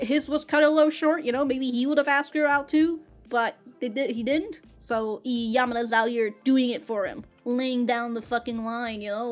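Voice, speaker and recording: A woman reacts to an anime with excitable, casual commentary, laughing often, swearing freely and calling everyone "dude." Her voice is on the high side.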